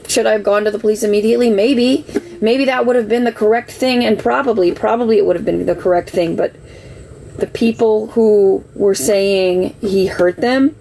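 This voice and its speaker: A woman's voice: mid-range voice, gravelly, dark tone, a little hiss or hum, poor audio. A middle-aged woman telling a personal story on a livestream, earnest and defensive, getting worked up as she talks. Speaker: livestream host. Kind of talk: emotional personal account.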